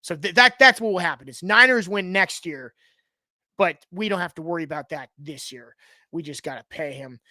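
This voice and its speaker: A man hosting a live sports talk stream, with a bright, cutting edge to his voice. He talks in loose, rambling runs, full of sarcasm and restarts. The sound is close and dry, with no room in it. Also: fairly high pitch, expressive, moderate pace, no echo. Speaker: sports talk show host.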